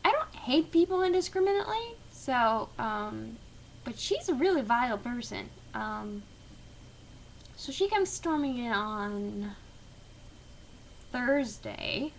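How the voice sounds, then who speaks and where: A woman's voice: fairly high pitch, gravelly, a little hiss or hum, low-quality recording. A woman teacher telling a story to camera in a blunt, sarcastic, chatty way. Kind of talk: casual storytelling vlog.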